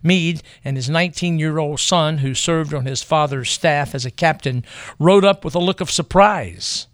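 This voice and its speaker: A man giving scripted historical narration in a grave, measured way with deliberate pauses. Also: on the high side, no room sound, clean studio sound.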